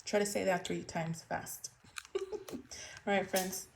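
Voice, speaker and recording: A woman's voice: fairly low pitch, steady tone, measured pace, vocal fry. A woman in her thirties, a home cooking vlogger, chatting casually to viewers while she demonstrates a recipe in her kitchen. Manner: chatty, laughs between remarks, talks to viewers as friends.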